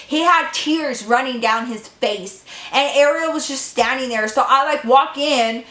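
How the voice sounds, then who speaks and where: A woman in her twenties telling a storytime vlog, profane and animated, talking straight to her viewers. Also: sits high, measured pace. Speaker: vlogger. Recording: echoey room.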